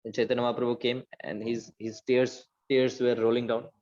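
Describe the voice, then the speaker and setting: A man giving a devotional scripture class, telling stories with lively acted-out quotes and quickly chanted verses. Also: medium pitch. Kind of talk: Gita class lecture. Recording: slightly dull lo-fi recording.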